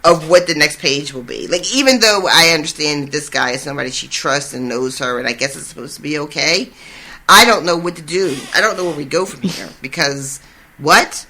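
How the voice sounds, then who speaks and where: A podcast co-host chatting casually about a book chapter, excited and swearing freely. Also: medium pitch, brisk. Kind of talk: casual chat recapping a book.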